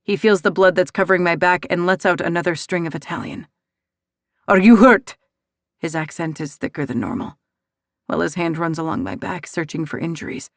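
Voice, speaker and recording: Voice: mid-range voice, brisk, a bit bright, no room sound, clean studio sound. An audiobook narrator giving emotive first-person romance narration.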